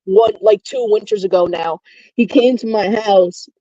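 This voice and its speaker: A woman's voice: medium pitch, a little slow, dark tone, no room sound, muffled recording. A woman telling stories in casual chat, rambling and full of fillers. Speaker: chat participant.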